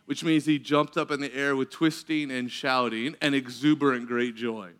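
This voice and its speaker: A man preaching, telling a story with animated delivery, often laughing and acting out what people said. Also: medium pitch, moderate pace. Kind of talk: sermon storytelling.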